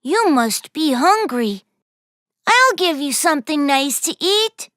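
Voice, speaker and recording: A woman voicing a friendly, cheerful young boy who speaks in a bright, coaxing way. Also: sits high, sing-song, takes it slowly, dry recording, clean studio sound, pitched above the performer's own voice, heavily acted. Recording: faint music behind.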